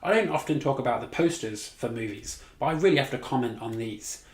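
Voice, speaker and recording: A man's voice: medium pitch, animated, a little fast. A man giving a casual movie review, blunt and sweary, mocking what he disliked. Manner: blunt, sweary, exasperated, laughs at his own mockery. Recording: echoey room.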